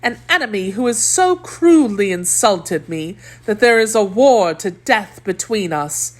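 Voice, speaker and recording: A woman's voice: mid-range voice, lively intonation, a little slow, pitched above the performer's own voice, natural voice. A woman voicing a proud, manipulative noblewoman in an audiobook, coaxing and calculating. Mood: scheming. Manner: coaxing, calculating, softly haughty.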